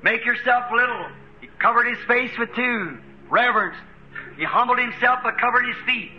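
An American man preaching a fervent sermon, chuckling between lines and rising to shouts. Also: very high voice, normal speed, dull audio, a little hiss or hum. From United States.

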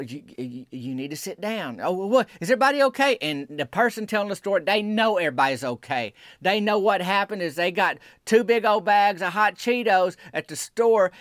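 A man rambles through a comic podcast monologue in a folksy, excitable way. His voice sits a touch higher than most men's. The sound is close and dry, with no room echo. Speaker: podcast host.

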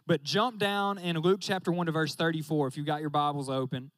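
A young man gives a casual, joking sermon in a high, light voice. He keeps turning to his listeners and talking straight at them. The sound is close and dry, with no room echo. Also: steady tone, fairly quick, a bit bright. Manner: joking, talks straight to the audience with "y'all".

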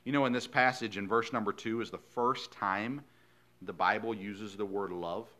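A male pastor preaching a sermon in a folksy, earnest storytelling way, swinging from hushed lines to loud emphasis. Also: on the low side, fairly even intonation, moderate pace.

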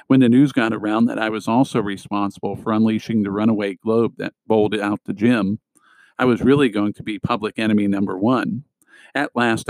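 A man narrates a novel in a fairly low, steady voice. He reads it as scripted narration and gives the characters small shifts in tone. The recording is dry and close, with almost no room sound. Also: vocal fry, no room sound, low-quality recording. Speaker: audiobook reader.

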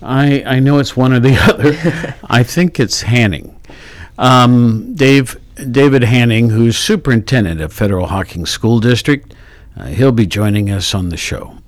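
A man's voice: medium pitch, measured pace, dry recording. A man hosting a morning radio talk show, chatting casually with many fillers and self-corrections. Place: radio studio. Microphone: studio microphone.

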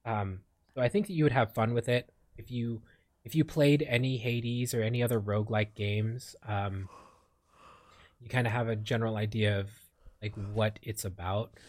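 A man's voice: lowish voice, steady tone, normal speed, a little mellow, no echo. Young adult male from the Philippines, casual streamer chat, rambling and filler-heavy, dead-dry mic. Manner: rambling, many fillers and restarts. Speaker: streamer and podcast co-host.

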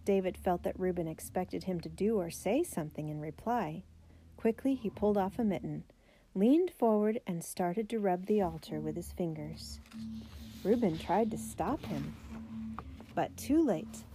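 A woman narrating a children's biography storybook, reading the characters' lines with raised pitch and emphasis. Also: lively intonation, unhurried, dark tone, a little hiss or hum. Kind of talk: storybook read-aloud.

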